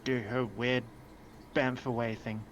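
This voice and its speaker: A man's voice: mid-range voice, little pitch movement, slow pace, muffled recording, a little hiss or hum. A man talking as a player in a tabletop game, thinking aloud as he works out the movement. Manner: thinks aloud while counting. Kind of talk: casual tabletop game chat.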